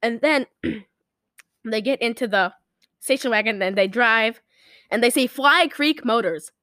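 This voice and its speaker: Woman podcast co-host, rambling and giggly, slightly high voice, very dry close sound. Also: measured pace, pushed and bright, no room sound. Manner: rambling, giggly, acts out quoted lines. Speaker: podcast co-host recapping a movie. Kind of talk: casual chat.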